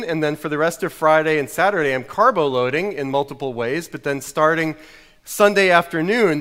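A man's voice: fairly high pitch, a bit bright, big-room sound. A middle-aged American man preaching a sermon, telling a story in a wry, self-mocking way. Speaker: pastor.

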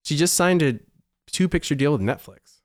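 A man co-hosting a podcast in casual chat, wry and chatty, with quick asides. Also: a little high, animated, dry recording, studio quality. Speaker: podcast co-host.

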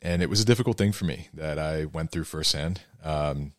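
A man's voice: rumbling low, normal speed, dry recording, clean studio sound. A man who is a podcast guest, explaining things earnestly in casual conversation with many fillers. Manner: earnest storytelling, heavy use of fillers.

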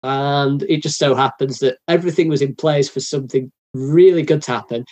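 A man's voice: mid-range voice, steady tone, brisk, darkish tone. A man hosting a casual football podcast, often repeating words as he thinks aloud. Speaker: podcast host.

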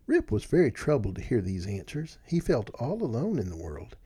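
A man narrating a storybook in an expressive, animated reading. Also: on the low side, moderate pace, hardly any pauses, breathy edge.

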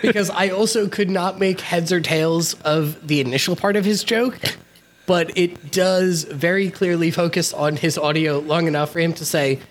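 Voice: medium pitch, steady tone, normal speed. Podcast cohost in casual chat, wry and easygoing, a bit of hiss. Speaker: podcast co-host recapping a TV episode.

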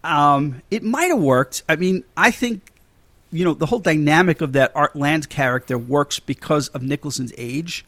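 A man's voice: a little high, moderate pace, a bit bright, dry recording. A man hosting a casual movie podcast, chatty and laughing often, with many fillers and restarts. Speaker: podcast host.

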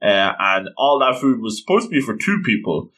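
A man voicing a teary young woman who is defensive but friendly, in a raised, brisk voice. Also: mid-range voice, sing-song, fairly bright tone.

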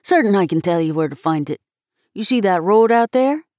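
A man's voice: high-pitched, lively intonation, brisk, darkish tone, no echo. A rustic small-town hotel proprietor speaks in a plain, folksy way, voiced by a woman reading a story aloud. He gives directions with easy country confidence. The sound is dry and close.

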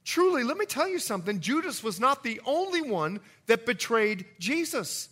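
A man preaching a sermon as pastor, telling a story with jokey asides and swinging between loud and hushed delivery. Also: very high-pitched, big pitch swings, normal speed.

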